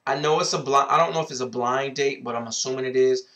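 A man with a mid-range, slightly bright voice gives dating advice in a casual vlog. Sassy and outspoken, he swears freely and keeps repeating a drawn-out greeting catchphrase.

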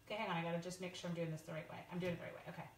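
A woman's voice: lowish voice, steady tone, rapid-fire, a little hiss or hum. A woman hosting a live craft demonstration, chatting playfully with viewers and teasing herself as she works. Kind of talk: casual live craft demo.

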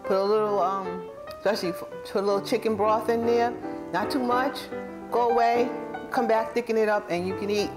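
A woman's voice: medium pitch, fairly even intonation, a little fast, over music. A woman hosting a casual home-cooking video, chatty and rambling, often correcting herself mid-sentence and chuckling as she tastes the food. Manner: warmly enthusiastic about the food, chuckling. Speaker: cooking channel host.

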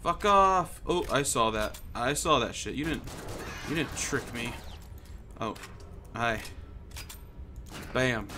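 A man's voice: medium pitch, animated, slow pace, pauses often, pushed and bright, a little hiss or hum. A man giving casual gameplay commentary, joking, swearing and muttering to himself as he plays. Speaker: gamer.

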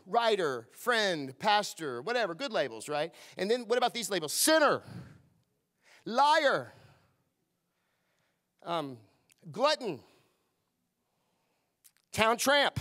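Middle-aged pastor, fairly high voice, preaches with call-and-response and hushed asides. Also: male voice. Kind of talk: sermon. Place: church service.

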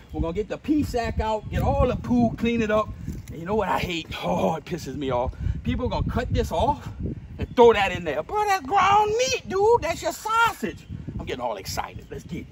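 A man's voice: very animated, brisk, crowd noise. A man with a Louisiana Cajun accent hosting a hands-on how-to demonstration, boisterous and full of slang. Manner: boisterous and slangy, says dude and boom a lot. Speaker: host. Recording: distant mic with loud outdoor noise.

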